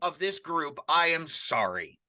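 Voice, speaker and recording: A man's voice: fairly high pitch, very animated, measured pace, sharp tone. A middle-aged man, a pastor and podcast host, talking earnestly about grief in a casual chat, often restarting his sentences. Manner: earnest, rambling with frequent restarts. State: widowed, grieving.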